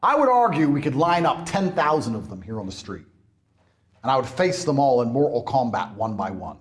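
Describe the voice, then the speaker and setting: A man in a heated interview, ranting in a brash, mocking way, swinging between loud outbursts and low mutters. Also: big pitch swings, brisk. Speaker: interview guest. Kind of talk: heated rant.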